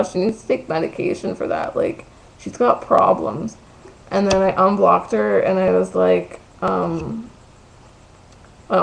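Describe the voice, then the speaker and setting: A woman's voice: on the low side, gravelly, a little hiss or hum, poor audio. A woman vlogging from her bedroom, telling a gossipy, profane story full of "like" in a casual ranting way.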